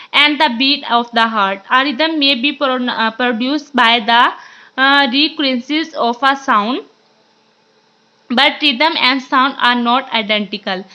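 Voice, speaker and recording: High bright woman reading a lesson. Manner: halting reading with frequent restarts and fillers. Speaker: teacher. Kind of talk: reading a literature lesson aloud. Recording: dull lo-fi sound.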